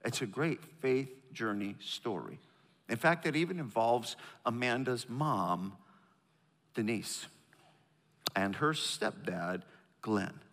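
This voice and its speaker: A man's voice: mid-range voice, animated, slow pace, long pauses, fairly bright tone, long reverb tail. A man from the northern United States preaching a sermon, emphatic and calling the congregation to repeat lines after him. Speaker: pastor. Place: large church auditorium.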